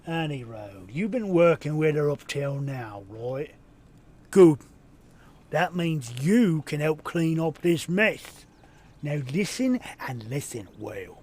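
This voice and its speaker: A man voicing a gruff, exasperated pirate commander in a video game, in a put-on rough sailor accent, barking orders. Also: a little high, very animated, takes it slowly, a little mellow, exaggerated voice. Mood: bossy.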